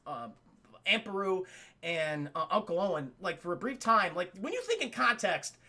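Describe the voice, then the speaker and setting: Gravelly, high-voiced, swearing young streamer. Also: male voice, normal speed. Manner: animated, profane, addresses chat. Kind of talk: casual livestream movie retelling.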